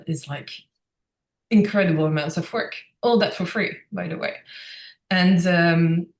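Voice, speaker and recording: This guest is a Frenchwoman, a native French speaker whose voice sits on the low side with a roomy echo. Her casual conversational storytelling is animated and reflective, punctuated by frequent laughter.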